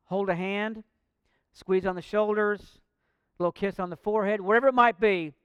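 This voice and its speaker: A man's voice: high voice, steady tone, normal speed, smooth, no room sound, muffled recording. A man preaching a sermon, earnest and direct, mixing light jokes with a call to faith. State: out of breath. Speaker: pastor.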